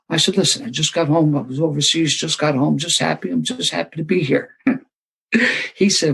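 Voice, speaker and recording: A man's voice: a little high, brisk, gravelly, fairly bright tone, breathy edge, rough recording. A man, telling a self-deprecating story to a live recovery meeting and acting out the voices he quotes. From Philadelphia area. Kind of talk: storytelling talk to a live audience.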